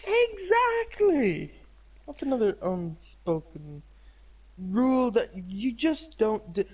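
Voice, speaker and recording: A man's voice: high-pitched, animated, takes it slowly, mellow. A man co-hosting a podcast in a casual chat, rambling and joking, often trailing off mid-thought. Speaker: podcast co-host.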